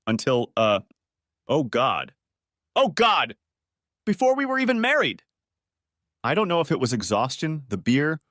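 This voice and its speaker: A man's voice: medium pitch, no echo, clean studio sound. A man narrating a first-person story in a dramatic, emotional way.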